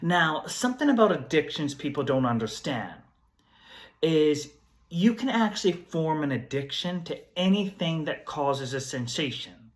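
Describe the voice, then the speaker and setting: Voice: medium pitch, very animated, a little slow. A storyteller host with a laid-back hippie persona and groovy slang, telling a story in a casual vlog.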